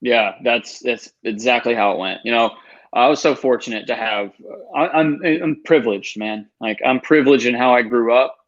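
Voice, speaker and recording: A man's voice: mid-range voice, moderate pace, highs cut off. Earnest man in his thirties telling his story. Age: 30s. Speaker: guest. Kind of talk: storytelling interview.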